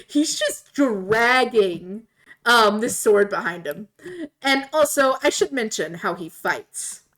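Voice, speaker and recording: Animated woman streamer telling a story. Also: a little high. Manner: animated, laughing, voices quoted characters. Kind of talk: casual storytelling while gaming.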